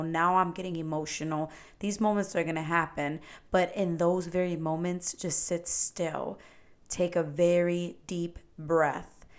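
A woman's voice: deep voice, a little mellow. A woman hosting her own podcast, giving an earnest and encouraging motivational talk straight to her listeners. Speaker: podcast host. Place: at home indoors.

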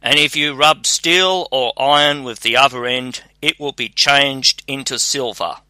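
A giant male spirit let out of a bottle, coaxing and bargaining, as a man reads him aloud in a storybook. The voice is bright and crisp in tone, and slow and unhurried. It sounds dry and close. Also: medium pitch, dry recording. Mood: grand.

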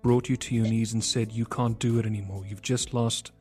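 A man hosting an interview, gently reflecting on the guest's story and probing further. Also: on the low side, level tone, fairly quick, faint music behind. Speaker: host.

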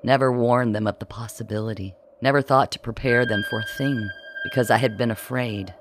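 A man narrating a dark first-person story in a measured, somber way. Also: mid-range voice, steady tone, noisy background. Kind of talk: scripted audiobook narration.

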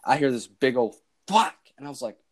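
This podcast host is a young man with a mid-range voice, lively intonation, and a brisk pace. His storytelling is loose and chatty, full of restarts and quoted dialogue.

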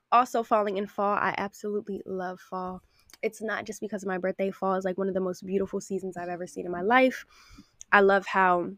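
A woman's voice: mid-range voice, no room sound, studio quality. A woman of about twenty hosting a casual solo podcast, talking candidly and affectionately to her listeners, with frequent swearing. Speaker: podcast host. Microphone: podcast microphone.

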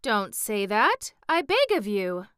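A woman's voice: on the high side, animated, normal speed, pushed and bright, clean tone, no echo, clean studio sound, pitched above the performer's own voice. Woman voicing a tender-hearted tin man. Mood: earnest. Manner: earnest, sympathetic. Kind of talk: audiobook reading.

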